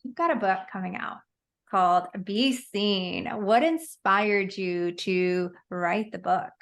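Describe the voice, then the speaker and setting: A woman's voice: mid-range voice, slow pace, vocal fry. A woman hosting a podcast interview, talking casually and enthusiastically. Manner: enthusiastic, warm praise for the guest. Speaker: podcast host.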